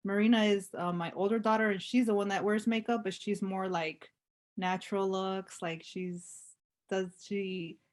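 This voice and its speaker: A woman business owner chats as an interview guest, expressive and fond of telling little stories. Her voice sits at a middle pitch for a woman. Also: moderate pace. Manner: expressive, self-described dramatic, storytelling. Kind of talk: casual interview chat.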